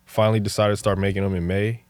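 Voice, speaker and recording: A young man from New Jersey, a podcast guest, telling stories in a relaxed, casual way that turns lively and full of laughter at the funny parts. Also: lowish voice, fast talker, smooth, no echo. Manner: laid-back, animated when telling stories, laughs often. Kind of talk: casual storytelling chat.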